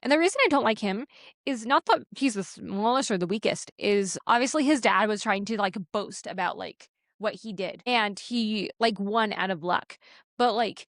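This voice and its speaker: A woman co-hosting a podcast in casual chat, sick at the time, chatty and animated with lots of filler words. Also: medium pitch, moderate pace, no echo, clean studio sound. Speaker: podcast co-host.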